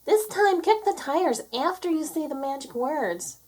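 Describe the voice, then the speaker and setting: An eager, scheming cow, as a woman puts her on for a children's storybook read-aloud, her voice pitched high and swooping all over. She talks slowly and carefully, with big bursts of excited shouting. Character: scheming female cow, bold dreamer.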